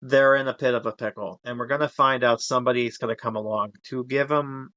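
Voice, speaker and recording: A young man with a bright, forceful voice hosts a casual podcast, rambling and laughing as he recaps a story. The sound is dry and close, with a slightly dull, muffled tone. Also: medium pitch, fairly even intonation, a little fast, no room sound. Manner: rambling, laughs often, acts out character voices. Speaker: podcast host.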